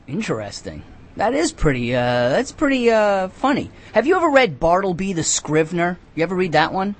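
A man hosting a comic call-in radio show, rambling in a deadpan, absurd way with many halting restarts. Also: sits high.

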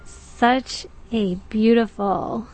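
A woman with a fairly high voice reads aloud at an unhurried, deliberate pace. She pauses between phrases as she reflects on the passage. Soft music plays faintly behind her. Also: steady tone, low-quality recording. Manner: slow, reflective reading with pauses. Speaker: music teacher. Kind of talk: reading aloud and reflecting to listeners.

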